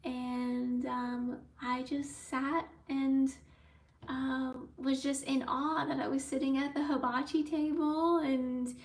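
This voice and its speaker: A young woman vlogger telling a story in a casual, chatty, excitable way, full of likes and ums. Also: sits high, slow. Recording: roomy, from a distance off mic.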